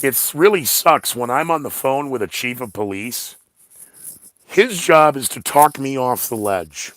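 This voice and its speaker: Male podcast host, blunt rambling talker with sarcastic asides, average pitch, recorded dry with no room echo. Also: expressive, unhurried, fairly bright tone. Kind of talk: rambling solo podcast monologue.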